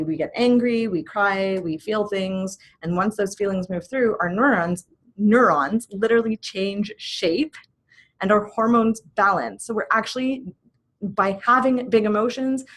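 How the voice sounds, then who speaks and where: A woman in her thirties giving a casual spoken talk, gentle and reflective, with soft laughs slipping into her sentences. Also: medium pitch. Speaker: host.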